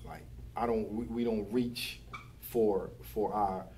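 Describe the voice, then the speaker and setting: A man's voice: lowish voice, slow pace, dark tone, a little hiss or hum. A young man, a barber giving advice to new barbers in casual, profane chat, repeating his catchphrases. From Philadelphia. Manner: loose, swearing, repeats catchphrases.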